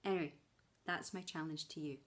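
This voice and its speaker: A Scottish woman teacher talks to her new class in a chatty, playful way and loves slipping in puns. Her voice sits a little low. She is outdoors on a walk as she talks. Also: fairly even intonation, fairly quick. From Scotland. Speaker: primary school teacher. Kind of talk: welcome video to pupils.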